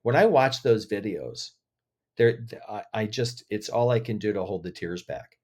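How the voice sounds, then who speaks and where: A man speaking as a podcast guest, telling stories with feeling and lively emotion in an interview. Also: fairly low pitch, moderate pace, slightly rough. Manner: emotional, animated storyteller. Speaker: podcast guest, agency head. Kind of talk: interview conversation.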